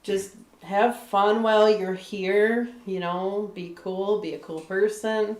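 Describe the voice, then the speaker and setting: A woman's voice: medium pitch, steady tone, slow pace, a little mellow, echoey room. A woman from Michigan, a guest author on a live stream, talking candidly in casual chat, with a lot of "like" and "you know" and frequent laughs.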